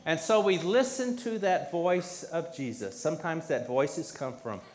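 Man, slightly high voice, leads a children's sermon with patient, simple questions. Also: expressive, a little slow. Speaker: pastor leading a children's message.

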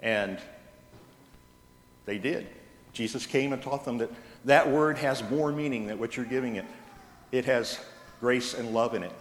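A man preaching a sermon in a church, telling stories with gentle humor. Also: mid-range voice, measured pace, long pauses, a little hiss or hum. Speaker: pastor. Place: church sanctuary. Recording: echoey church hall from a distance.

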